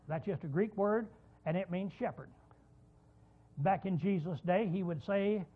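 A man teaching a Bible lesson as a sermon, explaining points step by step, asking questions and answering them himself. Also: high voice. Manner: explanatory, rhetorical questions, repeats key words. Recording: tinny phone-like sound.

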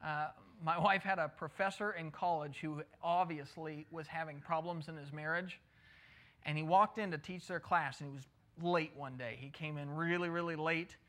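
A man's voice: on the high side, fairly even intonation, normal speed, sharp tone. A middle-aged man preaching a sermon in a conversational way, often asking his listeners rhetorical questions. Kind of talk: sermon, Bible teaching.

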